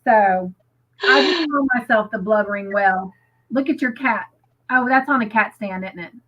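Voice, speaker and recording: A woman's voice: mid-range voice, moderate pace, fairly bright tone. A woman co-hosting a crafting livestream, chatting casually and emotionally with lots of "you know" fillers, reading out viewer comments. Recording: muffled lo-fi stream audio.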